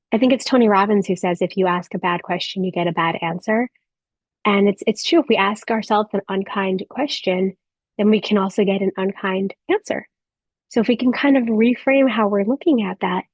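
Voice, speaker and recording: A woman in her thirties giving a gentle motivational talk to a live audience of mothers, speaking softly with reflective pauses. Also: medium pitch, breathy edge, dry recording. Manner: soft, warm encouraging delivery with reflective pauses.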